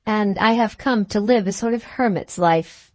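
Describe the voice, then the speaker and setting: A woman reading the lines of an earnest, self-mocking gentleman in an audiobook, in her own voice. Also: medium pitch, normal speed, no room sound, natural voice. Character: gruff but kind gentleman, self-mocking.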